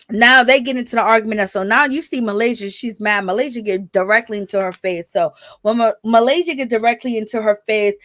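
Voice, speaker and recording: A woman's voice: a little high, fairly bright tone, no echo. Sassy woman dishing reality TV gossip. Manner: sassy, conversational, calls listeners girl and baby. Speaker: reality TV recap commentator. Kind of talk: casual gossip commentary.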